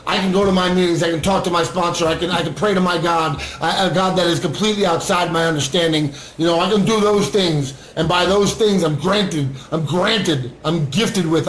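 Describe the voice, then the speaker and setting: A man's voice: a little high, normal speed, hardly any pauses, a bit bright, echoey room, a little hiss or hum, low-quality recording. A man and recovering addict sharing his story in an earnest livestream monologue, often asking "right?". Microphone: webcam or phone on a screen.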